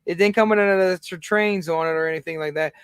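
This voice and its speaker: A man's voice: high-pitched, fairly even intonation, fast talker, clean tone, no room sound. A man in his thirties hosting a livestream in casual, rambling chat, with lots of fillers and restarts. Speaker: livestream host.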